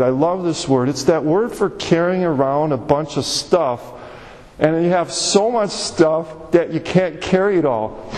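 Male pastor, high voice, animated expository preaching in a church, long hall reverb. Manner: expository preaching, animated storytelling with repeated phrases. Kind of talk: sermon. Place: church sanctuary.

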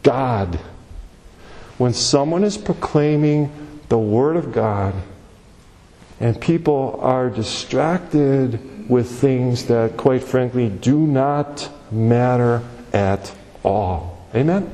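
A male pastor preaching an expository sermon, telling stories in an animated way and repeating phrases for emphasis. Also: mid-range voice, very slow. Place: church sanctuary. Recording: long hall reverb.

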